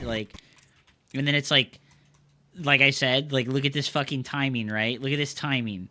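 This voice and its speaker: A man's voice: medium pitch, fairly even intonation, moderate pace, noisy background. A young man streaming live game commentary, ranting with frustration and cursing constantly in loose slangy gamer talk. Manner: frustrated ranting, heavy swearing.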